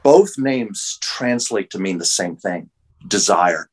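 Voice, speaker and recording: A man's voice: lowish voice, lively intonation, slow pace, husky, poor audio. A man, an artist and medium, telling an emotional story earnestly as an interview guest over a video call.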